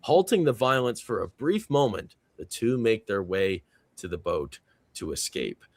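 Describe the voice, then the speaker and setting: A man's voice: lowish voice, very animated, unhurried, no room sound. A man hosting a casual panel chat, rambling a bit, chuckling often and reading out viewer comments. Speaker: panel host.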